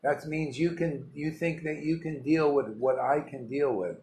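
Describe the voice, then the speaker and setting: A man's voice: a little high, moderate pace, a little mellow, slight background noise. A man, a spiritual teacher, giving an informal devotional talk, emphatic and rambling, full of rhetorical questions. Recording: roomy echo with faint ambience.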